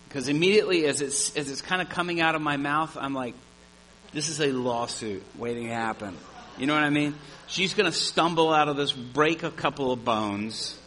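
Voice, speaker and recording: A man preaching a sermon, telling a story with animated energy. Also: medium pitch, slight background noise, rough recording. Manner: animated storyteller, shouts at the climax.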